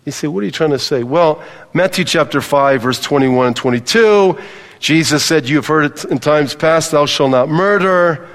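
A man's voice: fairly high pitch, normal speed, long reverb tail. A male pastor preaching a sermon, emphatic, repeating key phrases and calling on the congregation to respond.

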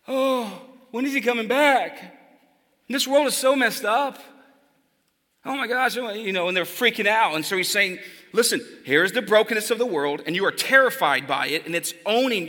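High bright-voiced man preaching in a hall. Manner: animated preaching, direct appeals to listeners. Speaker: pastor. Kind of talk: sermon. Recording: long hall reverb.

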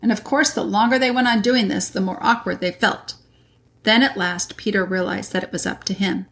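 A woman reads a classic children's novel aloud with measured, deliberate pacing. Her voice sits at an ordinary middle pitch. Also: fairly even intonation, vocal fry, a bit bright. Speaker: reader. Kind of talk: audiobook narration.

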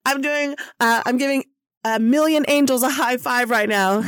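A woman's voice: high-pitched, normal speed, fairly bright tone, no echo. A woman hosting a spiritual podcast, speaking in an emotional, affectionate inspirational monologue and often laughing. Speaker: podcast host.

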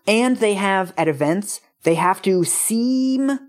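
A woman in her thirties, co-hosting a podcast, telling a story in a chatty, animated way with lots of fillers. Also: mid-range voice, takes it slowly. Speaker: podcast co-host. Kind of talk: casual chat, storytelling.

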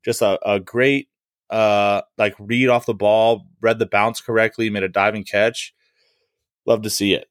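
A man's voice: on the low side, steady tone, a little slow, smooth, no room sound, clean studio sound. Casual, profane male sports podcaster. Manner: loose and profane, many fillers. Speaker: podcast co-host.

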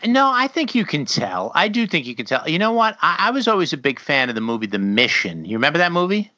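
Man, relaxed rambling co-host type, very bright tense voice, dry close sound, slightly dull recording. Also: on the high side, quick pace, dry recording. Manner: laid-back, rambling, chuckles between remarks. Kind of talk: casual chat.

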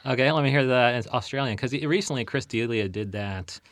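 A man's voice: mid-range voice, a little fast, a bit bright, no echo, clean studio sound. A man hosting a podcast, rambling and swearing casually as he chats with his guest. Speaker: podcast host.

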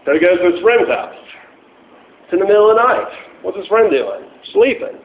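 A man's voice: high-pitched, animated, a little fast. Chatty pastor man, echoey tinny sound. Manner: casual, chatty, many fillers and restarts, laughs at own jokes. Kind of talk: conversational sermon. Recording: echoey room on tinny phone-like line.

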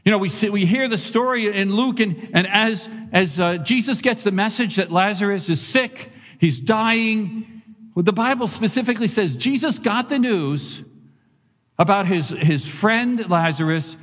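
A male pastor preaching a sermon in a church, animated and conversational, repeating phrases for emphasis. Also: high voice, a little slow. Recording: long reverb of a large hall.

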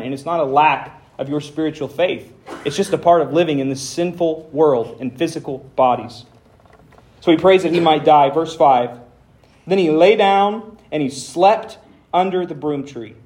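Male pastor, fairly high voice, casual sermon delivery with deadpan jokes. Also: normal speed. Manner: conversational preaching with dry humor; reads scripture aloud with dramatic emphasis.

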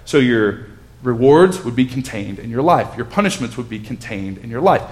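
A man's voice: medium pitch, lively intonation, normal speed, a little mellow. A man leading a casual bible study. He asks the group questions and reads scripture aloud with rising emphasis.

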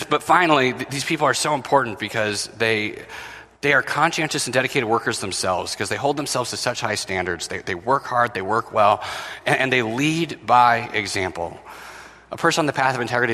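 A man's voice: mid-range voice, pushed and bright. A man in his thirties, a pastor preaching a sermon, telling stories and acting out the quotes with a self-deprecating manner. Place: church sanctuary. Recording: long hall reverb.

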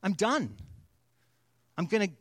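Preacher doing God: male deity, exasperated and emphatic, fairly high voice, dry sound. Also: sing-song, takes it slowly, fairly bright tone, no room sound, heavily acted.

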